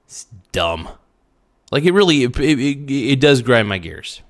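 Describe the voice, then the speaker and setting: A man's voice: lowish voice, expressive, normal speed. Blunt, profane young man ranting. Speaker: livestream host. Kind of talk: casual livestream rant.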